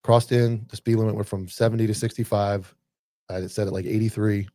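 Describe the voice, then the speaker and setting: Fast-talking low-voiced man, dry close sound. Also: little pitch movement, dark tone, no echo. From northern US. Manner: profane storytelling, acts out quoted people. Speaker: podcast co-host, former cop. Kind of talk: casual podcast chat.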